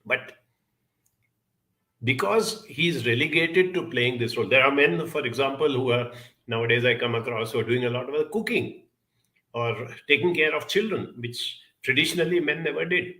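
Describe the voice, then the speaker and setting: A man's voice: mid-range voice, moderate pace, pushed and bright. A middle-aged man giving an earnest reflective talk and telling a story from his childhood. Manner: earnest, storytelling, addresses listeners directly. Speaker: speaker.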